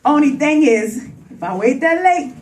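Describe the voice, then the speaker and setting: A woman performing clean stand-up comedy on a coffee house stage, talking straight to the crowd in an animated way. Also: high-pitched, normal speed, a little hiss or hum. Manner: animated, addresses crowd directly. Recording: roomy, from a distance.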